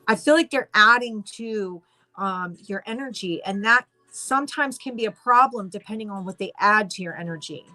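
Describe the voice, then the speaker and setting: Excitable woman giving a tarot reading. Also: medium pitch, normal speed. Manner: excitable, rambling, many restarts. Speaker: tarot reader. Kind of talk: casual spoken tarot reading.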